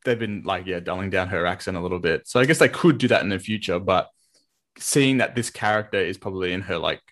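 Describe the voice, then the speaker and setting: A man co-hosting a podcast, chatting casually in a rambling, relaxed way and laughing often. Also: low-pitched, fast talker. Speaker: podcast co-host. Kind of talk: casual chat.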